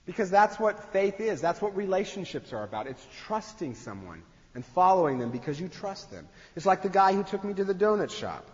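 A man's voice: high-pitched, very animated, a little fast, hardly any pauses. A man preaching a sermon in a conversational way, acting out the voices he quotes. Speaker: pastor. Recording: dull sound in a long-echo hall.

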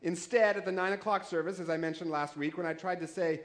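Man in his forties, pastor, high voice, chatty joking sermon, rhetorical questions. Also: fairly even intonation, quick pace. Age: 40s.

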